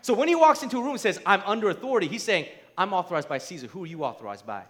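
High-voiced man preaching with fervor. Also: very animated, racing. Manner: emphatic, rising to near shouts; conversational, asks the crowd "right?". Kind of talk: sermon.

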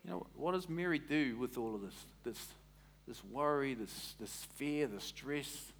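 A man preaching a sermon as a pastor, in an animated, conversational way that quizzes the congregation. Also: medium pitch, moderate pace, gravelly.

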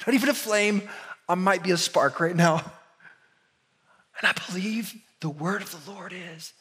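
A man in his thirties preaching a sermon in a church, talking casually and animated, often asking the congregation questions. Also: high-pitched, unhurried, long pauses. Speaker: pastor.

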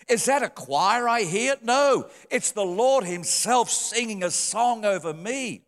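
A middle-aged pastor with a notably high voice gives a heartfelt sermon. He tells personal stories, sinking to soft tones and then lifting again. His words ring out with a long, echoing reverb in a church hall. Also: expressive, unhurried, few pauses. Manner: heartfelt storytelling, dropping soft then rising.

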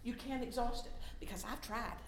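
A middle-aged woman giving a sermon in a conversational way, swinging from loud emphasis down to soft, hushed tones. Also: fairly high pitch, normal speed, roomy sound, a little hiss or hum. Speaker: lay preacher.

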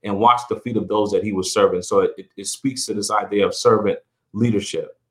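A middle-aged man appears as a podcast guest in a reflective, conversational interview, speaking earnestly and briskly. His voice is fairly low with a steady tone, though it rises when he stresses a point, and he often repeats and restarts words.

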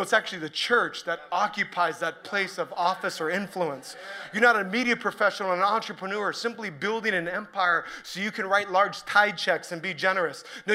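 High, bright-voiced preacher man. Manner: energetic, joking, rising to shouted emphasis. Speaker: pastor. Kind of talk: sermon.

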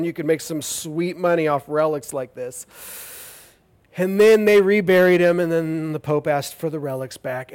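A male pastor preaching a sermon with animated, jokey storytelling. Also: high voice.

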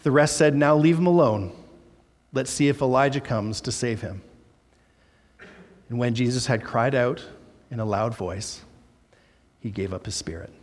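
Baptist pastor preaching in a reverberant hall. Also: male voice, mid-range voice, measured pace, long pauses. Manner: conversational, reads scripture aloud with emphasis. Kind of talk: sermon with scripture reading.

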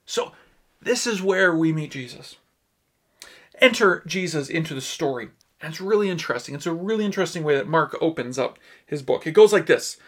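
A male pastor delivering a sermon in an earnest, emphatic way, pausing on key words. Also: on the high side, animated.

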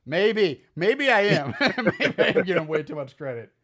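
A man's voice: on the high side, very animated, moderate pace, a bit bright. A man co-hosting a podcast, rambling through crude, laughing asides about a horror movie. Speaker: podcast co-host. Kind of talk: casual profane movie discussion.

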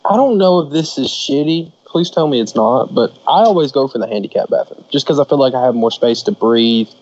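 A man's voice: medium pitch, animated, a little fast, a little mellow, muffled recording. A man co-hosting a podcast, chatting casually with blunt, crude jokes. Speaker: podcast co-host. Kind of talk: casual chat.

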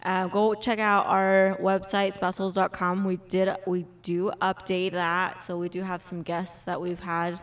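A woman's voice: on the low side, little pitch movement, unhurried, hardly any pauses. Young woman co-host, casual and giggly, laughs through her stories. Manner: giggly, laughs often while talking. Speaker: podcast co-host. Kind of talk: casual chat.

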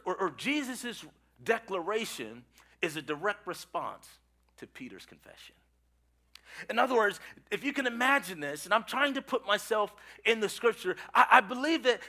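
A middle-aged male pastor preaching a sermon, swinging between loud calls to the congregation and hushed, intense lines, often repeating words. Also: high voice, very animated, normal speed.

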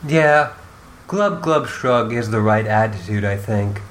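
A woman reading a calm, formal troll girl. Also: rumbling low. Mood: dry. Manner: measured, formal wording with dry humor. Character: calm, formal, dryly witty young female troll. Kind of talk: fan reading of chat logs.

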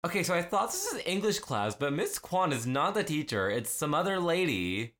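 A man's voice: fairly high pitch, huge pitch swings, normal speed, fairly bright tone. A man co-hosting a podcast, recapping an episode in casual chat, rambling with many fillers and acting out lines. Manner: rambling, lots of "like" fillers, acts out quotes. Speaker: podcast co-host.

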